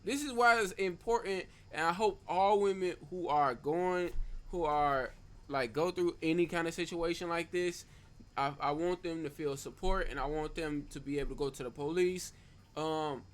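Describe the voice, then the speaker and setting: A man's voice: fairly high pitch, normal speed. A man hosting a stream, reacting to a clip with emphatic, profane commentary that repeats phrases for stress.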